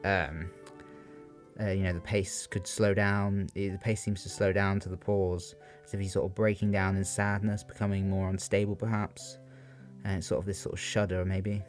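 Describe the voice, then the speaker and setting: This young man's voice sits low with little pitch movement, at a normal speed, as he discusses a poem for revision. The unscripted talk is hesitant and full of fillers, and faint guitar music can be heard in the background.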